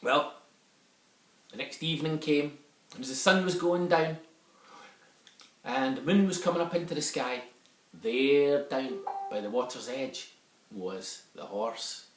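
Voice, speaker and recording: A Scottish-accented man tells a folk tale to children in a lilting, unhurried way, pausing often and slipping into dialect for the characters. His voice is mid-range, and the recording, made in an echoey room a bit far from the mic, has a little hiss or hum.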